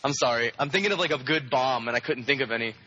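A man's voice: medium pitch, fast talker, bright, forceful tone, dull audio, a little hiss or hum. A man co-hosting a casual card-game podcast, rambling and putting himself down. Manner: rambling, self-deprecating. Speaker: podcast co-host. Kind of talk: casual chat about card games.

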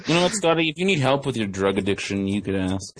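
A man co-hosting a podcast in casual chat, excitable and joking, swearing freely. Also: fairly low pitch, fast. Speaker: podcast co-host.

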